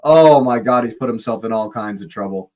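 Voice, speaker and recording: A young man hosting a live football watch-along, excitable, laughing often and repeating his phrases. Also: mid-range voice, brisk.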